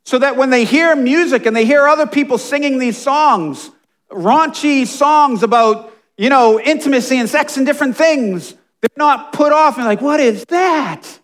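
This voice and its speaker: A man preaching a sermon with passion, dropping to hushed asides and rising to emphatic, near-shouted points. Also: extremely high pitch, moderate pace. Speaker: pastor.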